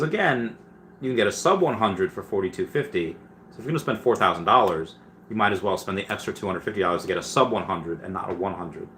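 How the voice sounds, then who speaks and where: A man's voice: deep voice, pushed and bright, slight background noise. A man hosting a casual livestream, reading viewer questions aloud and answering them with many fillers and restarts.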